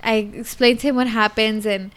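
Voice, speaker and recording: A young woman chatting casually and telling a story in an animated way, acting out a little child's lines. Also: a little high, brisk, clean tone. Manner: animated storyteller, acts out her toddler's lines. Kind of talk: casual chat.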